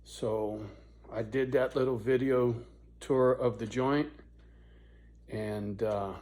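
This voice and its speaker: A man's voice: medium pitch, steady tone, slow pace, dark tone. A man in his fifties telling a story to his viewers in a casual, rambling, profane way. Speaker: YouTuber.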